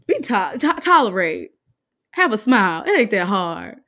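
A woman in casual chat, brash and animated, often breaking into laughter. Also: mid-range voice, slow pace.

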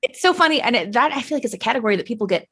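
A woman's voice: fairly high pitch, racing, husky. A young woman co-hosting a podcast, telling stories candidly in casual chat and swearing freely. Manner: candid, profane, animated storytelling. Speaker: podcast co-host.

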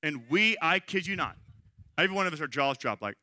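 A man's voice: fairly high pitch, animated, fairly quick, pushed and bright, no room sound. A middle-aged man preaching a sermon, talking in a conversational storytelling way and checking in with "right?". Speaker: pastor.

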